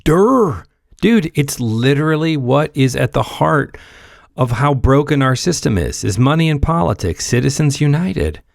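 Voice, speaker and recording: A man's voice: mid-range voice, expressive, normal speed, vocal fry, dry recording, studio quality. A man reacting to a podcast clip with exasperated, sarcastic political commentary, mocking the speakers he hears.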